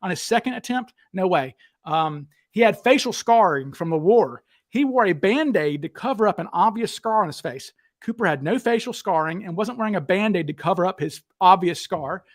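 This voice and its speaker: A man's voice: high-pitched, expressive, moderate pace, dry recording, clean studio sound. A man with a Southern accent hosting a livestream, blunt and combative as he knocks down claims. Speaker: host. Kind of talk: heated livestream discussion.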